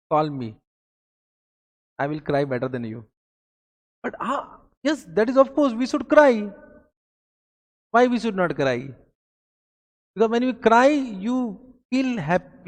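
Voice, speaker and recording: A man's voice: high voice, in a large hall. A man with an Indian English accent giving a motivational revision lecture to accountancy students, full of rhetorical questions and repeated phrases. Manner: pep talk full of rhetorical questions and repetition. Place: classroom.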